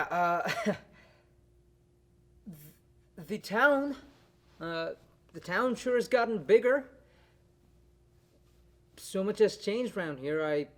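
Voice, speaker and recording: A young actor playing an awkward, hesitant college-age brother in a student stage play, with a lively voice. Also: male voice, high voice, slow pace, long pauses. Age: young adult. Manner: hesitant, stammering. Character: college-age man visiting his sister, awkward.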